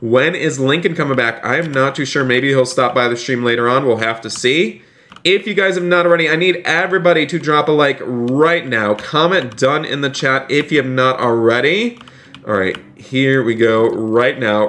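A man's voice: mid-range voice, normal speed, a bit bright. A man hosting a live game stream, talking cheerfully to his chat and speaking politely and formally as he plays a police officer. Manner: upbeat, keeps addressing the chat as "you guys". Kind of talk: live game-stream commentary with role-play.

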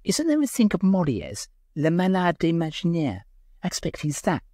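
A man's voice: a little high, huge pitch swings, normal speed, mellow, no echo, studio quality, pitched above the performer's own voice. A man voicing a witty young society woman who talks in an arch, knowing way. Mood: wry.

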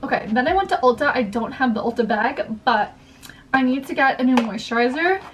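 A young woman with a fairly high voice talks casually and rambles, using "like" constantly as she shows off her purchases. She sits a bit back from the mic, and soft music plays quietly under her voice. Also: expressive, brisk, recorded from a distance. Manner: chatty, rambling, heavy use of "like". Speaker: vlogger. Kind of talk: casual haul vlog chat. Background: faint background music.

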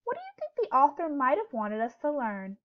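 Gentle teacher reading to young children. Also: female voice, sits high, huge pitch swings, fairly quick, muffled recording. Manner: clear, gentle teacherly questioning. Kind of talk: read-aloud lesson for young children.

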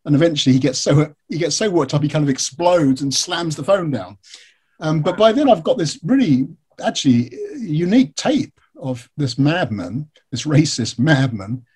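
An English man, a biographer being interviewed, telling stories candidly in a relaxed, rambling way. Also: a little high, moderate pace, slightly rough. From England. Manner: candid, storytelling, frequent fillers. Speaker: biographer and author guest. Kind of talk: conversational interview answers.

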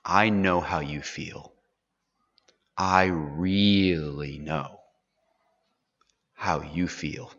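Guy doing an old patriarch dad, gentle and resigned, talks real slow and quiet, muffled echoey room sound. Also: sits low, voice pushed down, full character voice. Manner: soft, slow, falling to a hush. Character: aged patriarch father, tender, resigned. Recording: dull, echoey hall recording.

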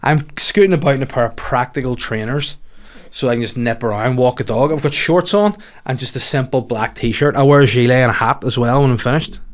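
A man in his mid-thirties with a Northern Irish accent, hosting his own podcast as a comedian. He rambles through casual stories, swears freely and keeps things jokey. His pitch sits in the middle of the male range. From Northern Ireland. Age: 30s. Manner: sweary, rambling, jokey, slips into mocking voices. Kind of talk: casual solo podcast monologue.

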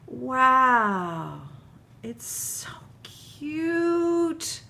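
A woman unboxing a gift package on her vlog, tearful and gushing, laughing through her tears and dropping into soft whispers. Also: medium pitch, lively intonation, takes it slowly, slight background noise. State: tearful, crying while talking. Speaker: vlogger opening a gift package.

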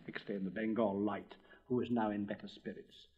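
A man narrating a fairy tale in a measured storybook reading. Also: on the low side, level tone, darkish tone, slightly rough, dull audio.

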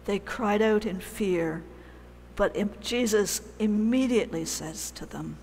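A woman preaching a sermon in a church, telling the story in a conversational, animated way with pauses. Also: mid-range voice, in a large hall, slight background noise.

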